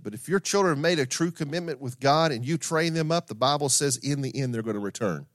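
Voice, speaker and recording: A man's voice: medium pitch, expressive, moderate pace, no echo, studio quality. A middle-aged man preaching a sermon in a conversational way, with asides, repetition and everyday stories. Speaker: pastor.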